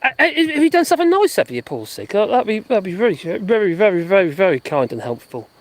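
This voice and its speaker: A host rambles through a casual live stream outdoors in a garden. The voice swings widely in pitch and laughs often. The sound is dry, with little room around it. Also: sing-song, quick pace, no room sound. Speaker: livestream host.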